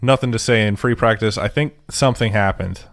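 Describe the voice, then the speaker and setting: A man's voice: lowish voice, brisk, no echo, clean studio sound. A man co-hosting a podcast in casual chat, loose and talkative, swearing freely. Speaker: podcast co-host.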